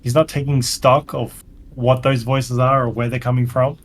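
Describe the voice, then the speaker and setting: A man narrating as game master of a tabletop game, unhurried and pausing with fillers as he describes the scene. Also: medium pitch, flat delivery, low-quality recording.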